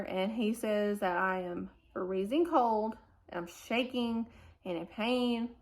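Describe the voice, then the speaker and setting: A woman, telling a family vlog storytime and acting out the people in it. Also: mid-range voice. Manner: animated retelling, acting out quoted dialogue. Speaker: family vlogger. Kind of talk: storytime recounting a hospital stay.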